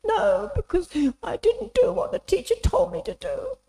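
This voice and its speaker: A woman voicing a tearful little girl of about five, speaking in a high, plaintive child's voice within a story she tells. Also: wildly swooping pitch, moderate pace, creaky, dark tone, heavily acted. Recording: echoey hall.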